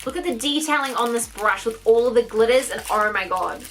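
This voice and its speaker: A young woman gushing and gasping her way through an excited makeup unboxing vlog. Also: a little high, brisk. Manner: gushing, gasping, exclaims constantly. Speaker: beauty vlogger.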